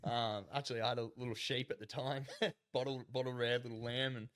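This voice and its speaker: An Australian man guesting on a podcast rambles through casual stories, laughing often and acting out what others said. His mid-range voice is flat in delivery, a bit bright, and a little fast.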